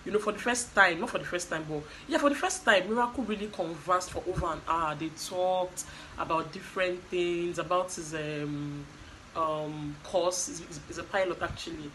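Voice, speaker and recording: A woman's voice: on the low side, normal speed, bright, forceful tone, a little hiss or hum, rough recording. A woman casually recapping a reality show, chatty, with fillers and quoted asides.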